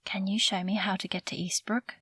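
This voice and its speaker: A woman's voice: mid-range voice, little pitch movement, fairly quick, pushed and bright, husky, no room sound. A woman narrator voicing an exhausted young woman lost in the wilderness in an audiobook. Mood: hopeful. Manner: weary, subdued.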